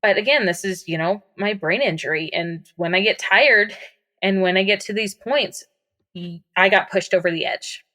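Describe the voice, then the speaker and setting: A woman's voice: medium pitch, moderate pace, pushed and bright. A young woman guest on a podcast, candidly recounting a personal story in a casual way with many fillers.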